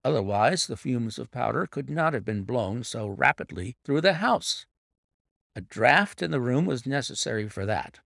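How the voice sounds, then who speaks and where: A sharp, composed detective, voiced by a man reading aloud, laying out his reasoning in a measured, authoritative voice with lively pitch and a gravelly edge. Dry, close recording. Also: no echo. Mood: assured. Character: sharp, composed male detective, middle-aged.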